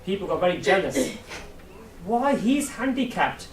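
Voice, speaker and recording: A high-voiced male Sikh preacher, speaking at normal speed, entertains a youth camp with vivid stories, audience questions, and acted-out voices. The sound comes from across a big echoing hall at the camp, with faint hiss from the far-off mic.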